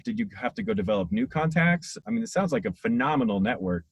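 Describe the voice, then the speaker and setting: A man's voice: a little high, big pitch swings, fast, gravelly, breathy edge, no echo. A man hosting an interview, asking long, rambling questions full of fillers. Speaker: interviewer, podcast host. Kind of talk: conversational interview.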